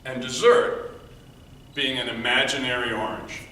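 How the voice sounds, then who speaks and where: A man giving a prepared storytelling speech at a speech contest, earnest, moving between loud emphasis and quiet, hushed passages. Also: mid-range voice, steady tone, unhurried. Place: meeting room before an audience. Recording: echoey room, mic from far off, faint noise.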